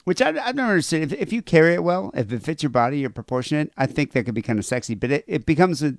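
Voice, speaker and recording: A man's voice: on the high side, big pitch swings, rapid-fire, dry recording, clean studio sound. A man hosting a podcast in casual chat, rambling and crude, reading listener emails aloud. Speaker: podcast host.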